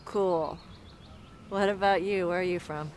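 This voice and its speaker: A woman acting a dry, deadpan role in a comedy sketch. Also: lowish voice, measured pace, slight background noise, close to an everyday voice. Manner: dry, patient, deadpan replies.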